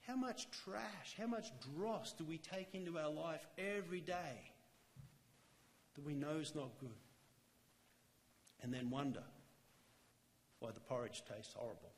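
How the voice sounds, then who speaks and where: A man giving a sermon in a church, talking earnestly and conversationally, slowing down to stress key lines. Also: on the high side, big-room sound, a little hiss or hum. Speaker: lay church speaker. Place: church chapel.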